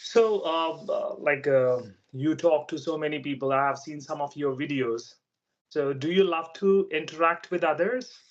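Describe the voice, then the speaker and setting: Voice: medium pitch, normal speed. An adult interviewer with a mid-range voice runs a casual English practice chat. They speak hesitantly, stopping often for fillers, and patiently explain ideas. The audio is slightly dull and lo-fi.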